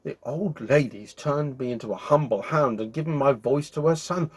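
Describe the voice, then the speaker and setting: A man's voice: mid-range voice, normal speed, slightly rough, close to an everyday voice. A man voicing a young prince turned into a dog, speaking in a miserable, plaintive way as he reads a storybook aloud.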